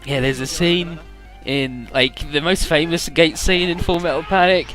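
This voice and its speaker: A man's voice: fairly high pitch, fairly even intonation, moderate pace, fairly bright tone, soft background music. A man giving casual let's-play commentary, rambling through retellings with swearing.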